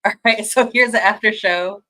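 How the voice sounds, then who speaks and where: A woman hosting a fan watch-party stream, chatting casually and reading out viewer comments, gushing and excitable, laughing often and restarting her sentences. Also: medium pitch, moderate pace, low-quality recording.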